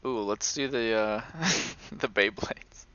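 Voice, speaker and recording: Young male game master, casual and laughing, low-ish bright voice, dull lo-fi audio. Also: slow pace, slight background noise. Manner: laughs often, relaxed and chatty. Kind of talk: running a tabletop game, casual. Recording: dull lo-fi recording.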